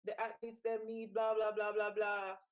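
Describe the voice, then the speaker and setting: A woman's voice: medium pitch, little pitch movement, normal speed, lightly acted. A woman putting on a blustery Jamaican male track coach who rambles through dismissive complaints in an imitated patois. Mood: grumbling.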